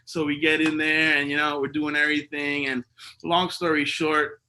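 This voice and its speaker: A man with a very bright, forceful voice sitting slightly high in his range tells stories in an easy, slangy way. He acts out the back-and-forth of conversations, and laughter keeps breaking into his talk. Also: normal speed, a little hiss or hum, poor audio. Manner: animated, laughing storyteller who acts out dialogue; casual, slangy talk with many fillers. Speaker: speaker sharing memories at a memorial. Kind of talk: spoken storytelling speech.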